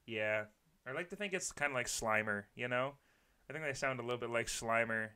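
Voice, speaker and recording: A man's voice: mid-range voice, a little fast, sharp tone, clear, resonant tone. A man co-hosting a casual comedy podcast, riffing and giggling as he trades jokes. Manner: giggly, riffing, breaks into laughter. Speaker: podcast co-host.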